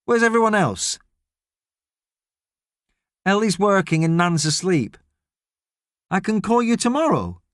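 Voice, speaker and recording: A man voicing a gruff, grumpy middle-aged astronaut, stern and lecturing in an audiobook. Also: sits high, dry recording, clean studio sound, pitched above the performer's own voice. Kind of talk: audiobook character reading.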